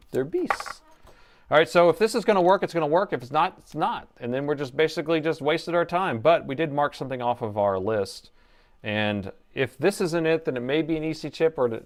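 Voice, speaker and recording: Excitable middle-aged repair host. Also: male voice, a little high, gravelly. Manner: excitable, playful, chatty with the viewers. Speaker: host and laptop repair technician. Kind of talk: live-stream repair commentary.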